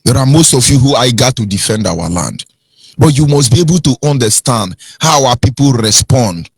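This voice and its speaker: A man with a Nigerian accent anchoring a radio talk show, preachy and emphatic, swinging from low and grave to high and heated. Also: expressive, normal speed, gravelly, breathy edge, no room sound.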